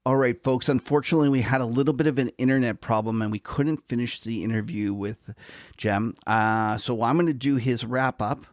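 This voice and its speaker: A Canadian-accented man co-hosts a markets podcast, chatting casually and in a relaxed way. His mid-range voice runs a little fast, and the studio sound is clean with no room echo.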